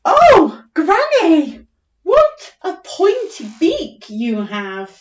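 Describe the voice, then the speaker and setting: A woman voicing an excited male squirrel in a read-aloud story, with high, drawn-out exclamations. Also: echoey room, highs cut off, noisy background, heavily acted. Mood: exclaiming.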